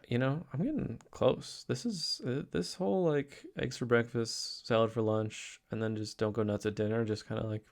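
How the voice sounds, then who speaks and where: A man's voice: medium pitch, gravelly. A young adult man talking through a casual daily vlog, rambling upbeat with many restarts and fillers. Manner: upbeat, excited. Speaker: vlogger.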